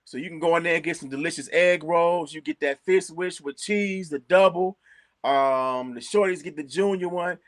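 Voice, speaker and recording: A man with a Chicago accent chatting casually as co-host, animated, repeating words and laughing often. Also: fairly high pitch, moderate pace, no room sound, clean studio sound. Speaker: co-host recommending local restaurants. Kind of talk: casual chat.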